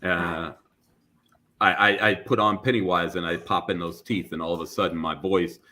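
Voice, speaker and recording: A man's voice: deep voice, fairly even intonation, normal speed, pushed and bright. A man talking casually on a podcast panel about cosplay, rambling with fillers and restarts.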